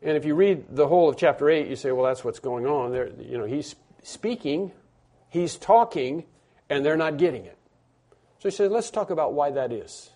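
A man delivers a sermon in a fairly high but mellow voice. He talks plainly to the congregation, often restarting and repeating phrases. He then lands his main points with emphasis. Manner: conversational preaching with repetitions and restarts; rises to emphatic stressed phrases. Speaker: pastor.

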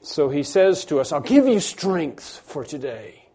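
An emphatic male pastor preaching, his voice a little higher than most men's. He drops to near-hushed asides and then rises loud, stretching out the key phrases. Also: sing-song, a little slow, breathy edge. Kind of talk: sermon.

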